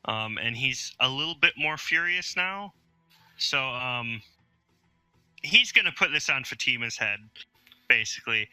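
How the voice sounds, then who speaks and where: A man's voice: mid-range voice, expressive, unhurried, pauses often, bright, forceful tone, smooth, dry recording, soft background music, rough recording. A man playing a tabletop game, chatty and explaining his character's thoughts aloud. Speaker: player. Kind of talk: casual tabletop role-play.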